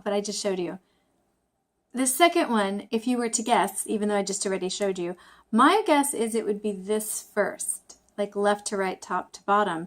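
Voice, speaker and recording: A woman talking casually to camera in a study vlog, thinking aloud, joking about her own mistakes, with frequent fillers and restarts. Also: medium pitch. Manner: chatty, self-deprecating, thinking aloud with fillers. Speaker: language-learning vlogger.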